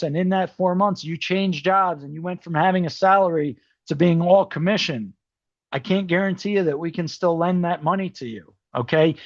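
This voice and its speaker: A man with a fairly high voice runs a seminar in an easygoing, conversational way, full of ums and "okay?" check-ins. His voice sounds a little worn. The sound is dry and close but muffled and dull. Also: no room sound. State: voice starting to go. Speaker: mortgage specialist presenting a seminar. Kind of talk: explaining to an audience, informal presentation.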